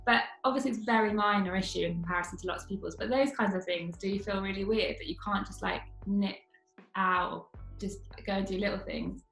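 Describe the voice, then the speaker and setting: A woman with a gravelly, fry-tinged voice at a middle pitch chats easily about home life. She speaks as a youth worker and mother of two. The room is echoey, with faint music behind her. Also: a little fast, a bit bright. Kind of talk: casual conversation.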